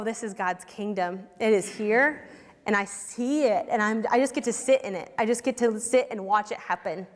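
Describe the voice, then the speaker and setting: A young woman from Ohio, telling personal stories in an earnest, conversational church talk full of fillers and restarts. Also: medium pitch. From Ohio, USA. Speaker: youth ministry worker speaking at church. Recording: long reverb of a church hall.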